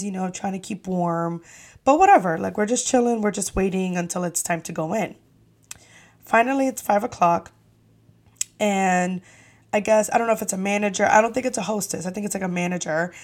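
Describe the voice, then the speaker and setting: A young woman hosting a podcast, telling a story casually with lively, profane, exasperated energy. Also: mid-range voice. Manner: animated, profane, exasperated retelling. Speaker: podcast host.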